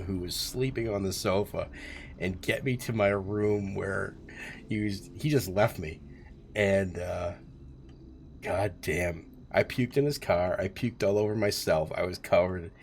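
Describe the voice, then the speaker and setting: A man's voice: low-pitched, slight background noise. A man in his forties telling a rambling, profane story on a live stream, chuckling as he goes. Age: 40s.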